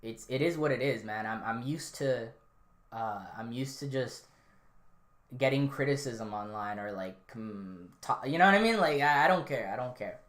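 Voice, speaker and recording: Low-voiced woman, casual podcast talk. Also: animated, normal speed. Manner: rambling, offhand, many fillers and restarts. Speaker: podcast host. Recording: roomy, echoey room.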